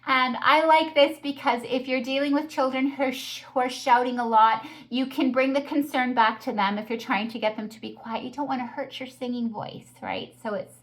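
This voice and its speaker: A woman's voice: sits high, steady tone, moderate pace, few pauses. A woman who teaches early childhood music, explaining singing techniques in a patient, practical way. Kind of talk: instructional talk.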